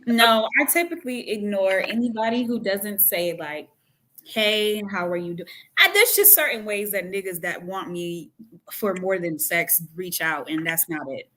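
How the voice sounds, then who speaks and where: A woman's voice: medium pitch, expressive, moderate pace, a bit bright. A woman co-hosting a casual chat show, reading messages aloud with mock precision and trading frank, laughing banter. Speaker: co-host.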